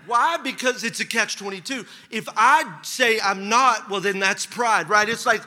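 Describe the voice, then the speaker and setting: Bright high-voiced preacher in a reverberant hall. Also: male voice, moderate pace, few pauses. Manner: lively storytelling with laughs and punchy asides. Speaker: pastor. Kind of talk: sermon. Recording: large hall with long reverb.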